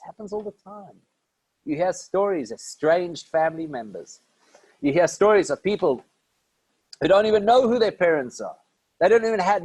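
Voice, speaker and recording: Rabbi teaching with rhetorical questions. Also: male voice, a little high, darkish tone, no echo, rough recording. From South Africa. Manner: conversational teaching, rhetorical questions answered himself. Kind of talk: Torah lecture.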